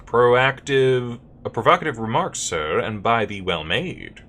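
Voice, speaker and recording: A man's voice: medium pitch, expressive, a little slow, fairly bright tone, slight background noise. A man doing a pompous archaic landlord. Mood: stiff, formal. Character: formal landlord speaking old-fashioned English.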